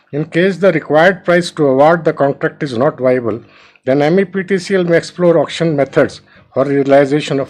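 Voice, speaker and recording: A man's voice: fairly high pitch, darkish tone, poor audio. A man with an Indian English accent arguing a case in court as an advocate. He reads legal clauses aloud, addresses the bench with deference, and sometimes halts and restarts words. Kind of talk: formal courtroom argument.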